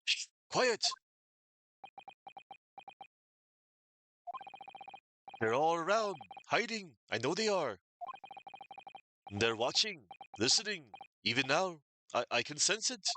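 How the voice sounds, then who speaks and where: A man voicing an excitable, paranoid male scholar in a game, given to dramatic, alliterative outbursts. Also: a little high, unhurried, a little hiss or hum, heavily acted. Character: excitable anxious Japanese male scholar prisoner. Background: game music.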